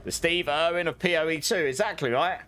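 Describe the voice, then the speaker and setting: A man putting on an Australian accent and playing an excitable male wildlife-show presenter in a jokey, showy tone. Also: fairly high pitch, a little fast, clear, resonant tone, soft background music, voice pushed up, close to an everyday voice. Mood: playful. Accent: put-on Australian.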